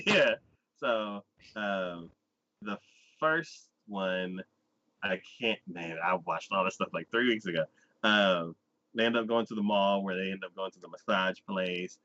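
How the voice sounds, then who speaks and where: A laid-back man explains things in a casual podcast chat, pausing often with ums and laughing easily. His tone is bright and forceful. The sound is dull and lo-fi. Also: low voice, animated. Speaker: podcast co-host.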